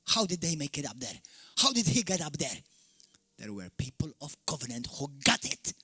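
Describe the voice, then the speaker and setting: A man from Malta preaching a fiery sermon as pastor, swinging from shouted peaks to sudden quiet drops. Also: a little high, sing-song, moderate pace, slightly rough. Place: church hall.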